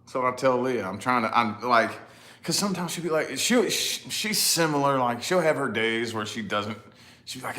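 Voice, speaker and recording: Speaking at normal speed, this father in his thirties vlogs to camera with a medium-pitched, animated voice and a sharp tone. His talk is casual and rambling, full of self-directed laughter and frequent "you know?"s.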